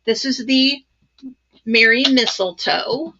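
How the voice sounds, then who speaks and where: Bright chatty woman crafting host. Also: fairly high pitch, slow pace, muffled recording. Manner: chatty, excited, many ums and asides. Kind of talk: casual live crafting demo.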